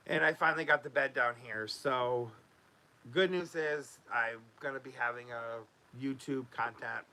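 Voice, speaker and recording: A man chats loosely to his viewers from home, full of "um"s and restarts as he drifts between updates. His voice is bright and pushed forward, with a middling pitch. It sounds like an easygoing vlog update. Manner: rambling, loose, with many fillers and restarts. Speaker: YouTube host.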